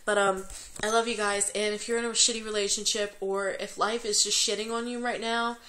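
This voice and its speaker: A young woman vlogging at home late at night. She is tearful and crying as she talks, rambling and swearing freely, halting often with fillers. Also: medium pitch, little pitch movement, pushed and bright. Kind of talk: emotional confessional vlog.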